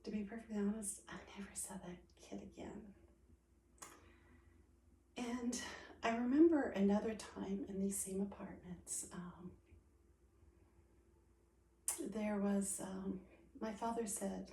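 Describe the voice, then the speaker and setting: A slow, mellow-voiced woman tells a personal story, softly and often close to a whisper. She sounds set back from the mic in a roomy space with faint ambience behind her. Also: medium pitch, fairly even intonation, recorded from a distance, slight background noise. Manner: soft-spoken, often sinking to a near whisper. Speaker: storyteller sharing personal memories.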